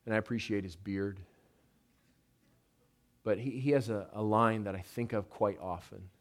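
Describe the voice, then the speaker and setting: A man in his thirties giving a sermon as pastor, conversational, with wry humor and slow, emphatic phrases. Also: fairly low pitch, steady tone.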